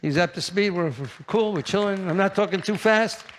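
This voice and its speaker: An older man with a New York accent giving a brash, animated conference keynote, teasing the audience. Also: sits high, moderate pace, a little hiss or hum. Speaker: keynote speaker.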